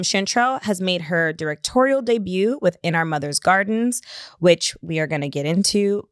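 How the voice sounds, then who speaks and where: A woman co-hosting a podcast in casual chat, playful and quick to laugh. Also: on the low side, no room sound, studio quality. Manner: chatty, playful, laughs often. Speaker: podcast co-host.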